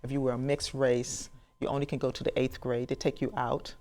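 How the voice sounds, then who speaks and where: A woman's voice: extremely low pitch, a little fast. A woman in her sixties, a professional genealogist, telling a story to an audience and acting out the conversations in it. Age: 60s. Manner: animated storyteller who acts out dialogue and laughs.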